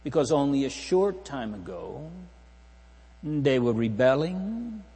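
A man's voice: mid-range voice, sing-song, slow pace, warm tone, breathy edge, in a large hall. A man preaching a solemn sermon in a church, asking the congregation repeated rhetorical questions.

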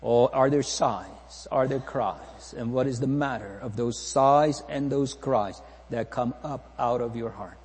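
A man's voice: mid-range voice, unhurried, hardly any pauses, a little mellow, breathy edge, big-room sound. A man preaching a solemn sermon in a church, asking the congregation repeated rhetorical questions.

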